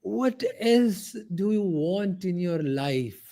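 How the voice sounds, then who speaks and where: A man from India, a podcast guest telling a personal story in a halting way, full of fillers and restarts. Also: high voice, lively intonation, mellow, no echo.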